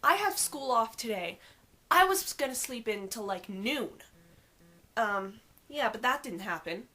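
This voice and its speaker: A young woman in her teens tells a story to camera in a casual vlog. Her voice sits a little high, and her delivery is animated, with dry sarcasm and exasperation running through it. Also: measured pace. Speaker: vlogger.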